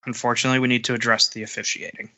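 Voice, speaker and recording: A man co-hosting a sports podcast, recounting games in casual animated chat. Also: medium pitch, very fast, dull audio. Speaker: podcast co-host.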